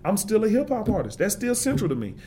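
A man's voice: high-pitched, wildly swooping pitch, quick pace, dark tone, a little hiss or hum. A man giving an interview, talking with passion and building points through emphatic repetition. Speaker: forester and interview guest.

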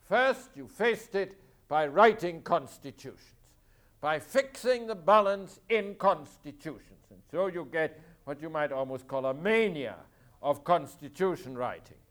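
A man's voice: a little high, animated, a little slow, fairly bright tone. A man lecturing on history to students, asking rhetorical questions and repeating key points for emphasis.

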